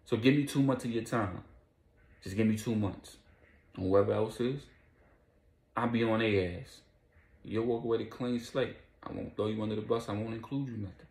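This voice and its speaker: A man voicing a weary, hushed cop nearing retirement, in an echoey room. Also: on the low side, moderate pace, pauses often, natural voice.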